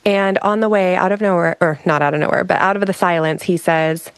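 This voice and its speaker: A woman's voice: on the low side, fairly even intonation, fairly quick, few pauses, smooth, no echo. A woman speaking as a guest on a conversation show, telling a personal story in a frank, reflective way with frequent restarts. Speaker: guest, emotional regulation specialist.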